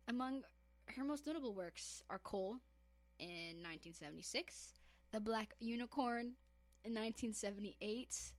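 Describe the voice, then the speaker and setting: A woman's voice: medium pitch, no room sound. A woman co-hosting a casual podcast chat, teasing her co-host and laughing often.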